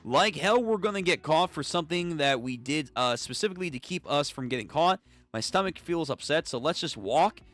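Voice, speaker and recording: Animated young man reading a comic aloud. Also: fairly high pitch, fairly quick, soft background music. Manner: animated, swears casually, jumps between characters' voices. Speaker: streamer reading manga. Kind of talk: live comic read-through, reading all the parts.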